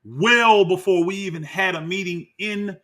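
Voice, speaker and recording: This man's voice sits high and moves at a moderate pace. A commentator reacting to clips, he offers heated, combative remarks, calling people out by name and addressing his viewers as y'all with animated energy.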